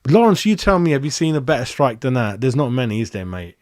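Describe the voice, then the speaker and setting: Excitable matey man. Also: medium pitch, fast, no echo, clean studio sound. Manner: excitable, matey, chats to viewers by name. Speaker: fan channel host. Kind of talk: live match reaction chat.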